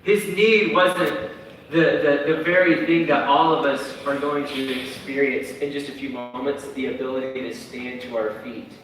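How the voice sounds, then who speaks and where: A man in his thirties preaching a sermon as a pastor, telling stories in a lively, dramatic, conversational way. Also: medium pitch, moderate pace, slight background noise. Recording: echoey hall from far off.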